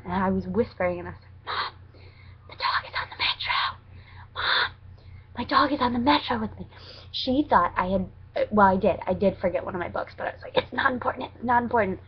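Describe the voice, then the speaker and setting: A woman's voice: mid-range voice, breathy edge, highs cut off. A young American woman telling stories in a casual vlog, chatty and rambling, correcting herself with lots of fillers. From United States. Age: young adult. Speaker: student vlogger abroad.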